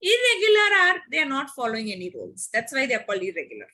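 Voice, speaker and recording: A woman teacher, teaching a grammar lesson to children online. She repeats key words and slows down on examples. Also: sits high, wildly swooping pitch, bright, forceful tone.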